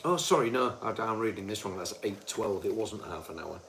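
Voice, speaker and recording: A man's voice: on the low side, expressive, fairly quick. A man from Britain in casual chat, reading back notes from a session in a conversational way. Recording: faint background noise.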